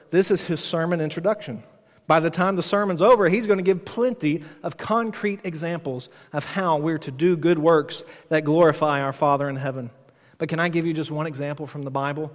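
Pastor, male, emphatic expository preaching, light-toned voice, church-hall reverb. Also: a little high. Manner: emphatic preaching that slows on key lines. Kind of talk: expository sermon. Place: church sanctuary.

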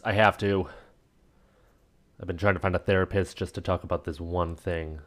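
A man's voice: deep voice, fairly even intonation, moderate pace. A man hosting a solo podcast in casual chat, rambling emotionally and swearing freely. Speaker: podcast host.

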